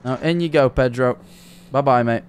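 A man's voice: medium pitch, normal speed, a little hiss or hum. A young man streaming a horror game, nervous and jumpy, swearing and talking to himself as he plays. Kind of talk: live gameplay commentary.

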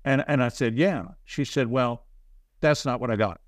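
Halting, self-deprecating storytelling man. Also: medium pitch, no room sound. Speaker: interview guest. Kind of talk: casual storytelling.

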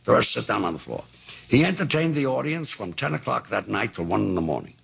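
A man in his nineties, a talk show guest telling anecdotes in a dry, deadpan way on an old TV broadcast tape. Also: lowish voice, fast. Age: 90s. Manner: dry, deadpan storyteller with gravelly voice. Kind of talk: anecdotal storytelling.

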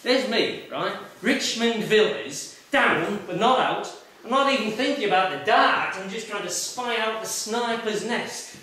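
A man's voice: high-pitched, a little slow, bright, forceful tone. An actor playing an aggrieved, blustering middle-aged male traffic warden in a live monologue. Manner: blustering, rambling, self-pitying, with sudden bursts. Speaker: actor in a solo stage show. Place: meeting room with a live audience. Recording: echoey room, voice from far off.

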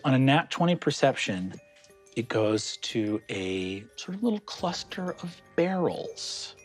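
A man's voice: mid-range voice, very animated, measured pace, slightly rough, soft background music. A man narrating as game master, describing scenes in vivid detail.

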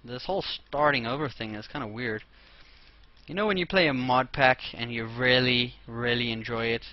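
A man's voice: mid-range voice, moderate pace, dry recording. Young man rambling through gameplay commentary. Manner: rambling, talks to himself while playing. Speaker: let's play host. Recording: dull lo-fi mic with clear noise.

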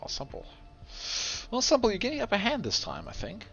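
A man hosting a game tournament stream, tired and with a sore throat, chatting in a relaxed, chuckling, rambling way. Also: high-pitched, a little fast, vocal fry. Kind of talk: casual live game commentary. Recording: dull lo-fi stream audio with game music. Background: faint game music.

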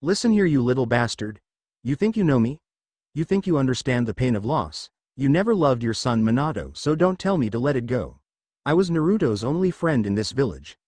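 A man's voice: mid-range voice, big pitch swings, a little fast, darkish tone, dry recording. A man reading a fan fiction story, voicing a cruel, scornful woman ninja who sneers and growls. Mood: menacing.

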